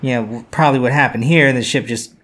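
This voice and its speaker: A man's voice: mid-range voice, fast, a bit bright. A man co-hosting a podcast, explaining things casually with repeated words and lots of "you know". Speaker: podcast co-host.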